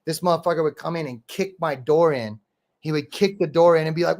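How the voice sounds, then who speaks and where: A man's voice: fairly high pitch, steady tone, brisk, a little mellow. A man hosting a podcast, telling stories in a rambling, profane way, full of "bro" and "dude". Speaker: podcast host and rapper. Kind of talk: casual storytelling chat.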